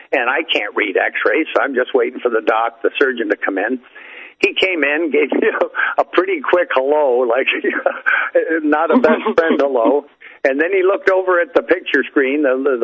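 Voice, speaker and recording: A man's voice: medium pitch, slightly rough. An older man telling folksy, rambling stories as an interview guest, heard over a phone line. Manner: folksy, rambling, with frequent fillers and restarts. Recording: tinny phone-line audio.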